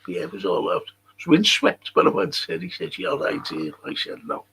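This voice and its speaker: A man's voice: fairly high pitch, wildly swooping pitch, moderate pace, vocal fry, bright, forceful tone, slight background noise. An older man with a Liverpool accent, hosting a live podcast stream, reading viewer comments and telling blunt, sweary, rambling stories. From England. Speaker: podcast host.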